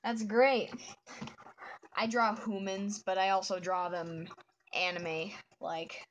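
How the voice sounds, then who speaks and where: A woman's voice: medium pitch, little pitch movement, takes it slowly, a little hiss or hum. A young woman streaming her drawing and chatting with viewers in a casual, giddy way. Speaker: art streamer. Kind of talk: casual chat while drawing.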